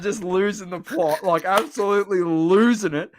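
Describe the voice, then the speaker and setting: A man with an Australian accent co-hosting a casual sports podcast, animated and laughing as he rants about footy. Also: high-pitched, moderate pace. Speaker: podcast co-host.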